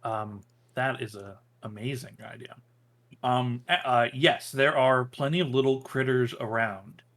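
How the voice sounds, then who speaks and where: A young man runs a tabletop game, describing the scene in an unhurried, halting way. His voice sits at an ordinary pitch, and ums and likes crowd his sentences. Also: fairly even intonation, fairly bright tone. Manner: hesitant, full of ums and likes. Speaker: game master.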